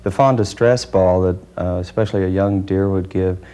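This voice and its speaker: Low, dark-voiced man explaining deer calls. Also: steady tone, clear, resonant tone. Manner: measured and technical, with frequent hesitations. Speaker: deer calling expert guest. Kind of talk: explanatory interview talk.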